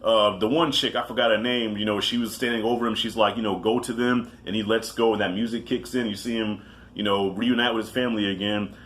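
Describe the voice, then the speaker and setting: A man's voice: fairly low pitch, steady tone, fast, a bit bright. A man giving a casual movie countdown, talking loosely with profanity, self-mocking asides and frequent restarts. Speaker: movie reviewer.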